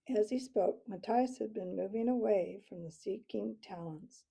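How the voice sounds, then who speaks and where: A woman narrating a storybook chapter in a measured, steady reading voice. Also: medium pitch, gravelly, husky. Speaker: audiobook reader.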